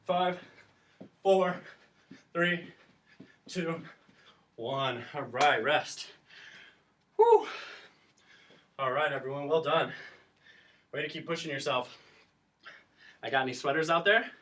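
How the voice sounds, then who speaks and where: Male teacher, somewhat high voice, kid-friendly workout instructor, slightly out of breath, distant mic. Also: slow, long pauses, bright, forceful tone. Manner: encouraging, counts down reps, explains as he exercises. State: breathing heavier from exercise. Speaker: teacher leading a class workout. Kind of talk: instructional exercise video.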